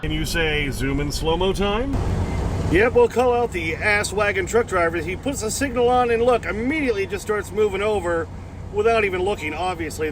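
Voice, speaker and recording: Man, trucker, casual vlog narration, blunt and exasperated, slightly high voice, road noise clearly behind. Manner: exasperated, blunt ranting about other drivers. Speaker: truck driver. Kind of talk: casual vlog narration over dash cam footage.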